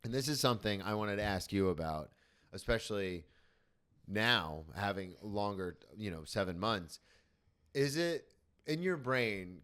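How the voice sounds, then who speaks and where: A man's voice: on the low side, fairly bright tone. Chatty man in his thirties. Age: 30s. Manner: chatty storyteller. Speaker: podcast host. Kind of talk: casual chat.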